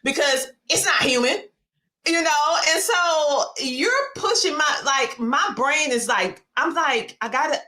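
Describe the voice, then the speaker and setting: A woman with a Southern US accent hosting an interview, talking in an excitable, animated way with lots of laughter. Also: sits high, takes it slowly. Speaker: podcast host. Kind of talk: casual interview chat.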